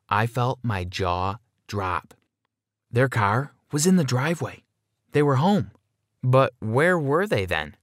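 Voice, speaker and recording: A man's voice: medium pitch, dry recording, clean studio sound. A man giving scripted first-person narration of a dramatic story in an earnest, dramatic storytelling manner.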